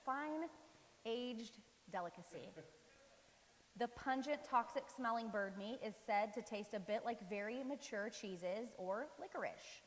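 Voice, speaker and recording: A woman's voice: fairly high pitch, lively intonation, unhurried, in a large hall, rough recording. A woman giving a casual, conversational sermon in a church, often restarting with fillers. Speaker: preacher.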